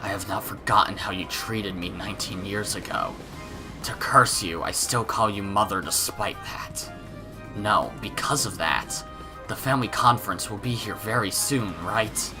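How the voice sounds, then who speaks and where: A man voicing a creepy, mysterious young man who speaks softly, quietly and deliberately. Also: fairly low pitch, over music, natural voice. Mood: menacing. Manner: soft, quiet, eerie, deliberate.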